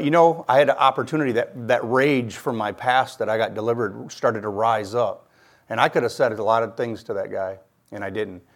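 Middle-aged man from Michigan, guest sharing a faith testimony, earnest storyteller, mid-range voice. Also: mid-range voice. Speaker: guest giving his testimony.

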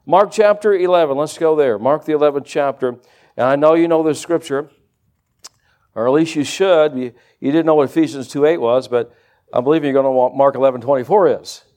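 A man preaching a sermon to a church congregation, animated and conversational, with folksy everyday asides. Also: on the high side, brisk.

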